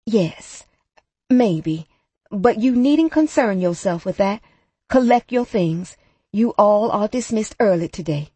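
A woman's voice: medium pitch, animated, slow pace, dark tone, breathy edge, no echo. A woman voicing a frightened, nervous schoolteacher who gives quivering, breathless warnings. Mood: hurried.

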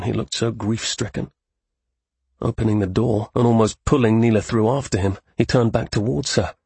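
A man narrating an audiobook story in steady scripted narration. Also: medium pitch, creaky, breathy edge, no room sound.

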